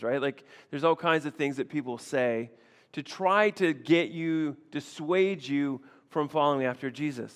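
A man's voice: a little high, a little slow, big-room sound. A man preaching a sermon conversationally, often repeating himself and checking in with the congregation. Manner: conversational, repeats phrases, frequent "right?" asides. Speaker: pastor. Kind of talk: expository sermon.

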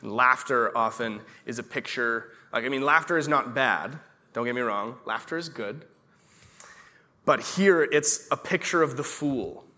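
A man preaching a sermon in a church, quoting verses slowly and asking the congregation questions. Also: mid-range voice, bright, forceful tone. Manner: preaching with audience questions, slow emphatic repeated verses. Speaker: pastor.

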